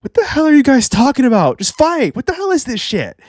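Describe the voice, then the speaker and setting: Man putting on an exasperated giant, shouting, high-pitched, dry sound. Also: huge pitch swings, brisk, no room sound, exaggerated voice. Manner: yelling, frustrated, high-pitched. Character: exasperated ancient giant warrior, male.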